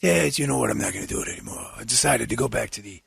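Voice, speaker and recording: A man doing an over-the-top mock impression of an aging, self-pitying male film star, in a raspy, gravelly voice. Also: mid-range voice, expressive, racing, a bit bright, heavily acted.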